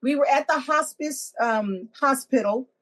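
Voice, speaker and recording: A woman's voice: high voice, unhurried, a bit bright. A woman with a Texan accent, a death doula telling stories in a blunt, plainspoken way as a guest. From Texas. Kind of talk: conversational interview.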